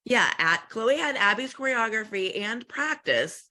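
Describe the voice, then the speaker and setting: A woman's voice: on the high side, lively intonation, a little slow, bright, forceful tone. A woman co-hosting a podcast in casual chat, talking with hesitant restarts and the occasional pointed aside. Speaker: podcast co-host.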